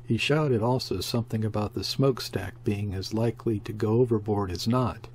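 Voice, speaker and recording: A man narrating a classic sea story as an audiobook reader, in a steady, measured way. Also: fairly low pitch, slight background noise.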